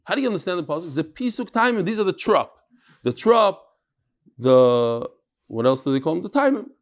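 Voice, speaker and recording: A middle-aged man's daily Talmud class comes across fairly quick, his high-leaning voice swinging widely in pitch. He explains things conversationally, sprinkling in Hebrew and Aramaic and frequently breaking off into asides or starting over.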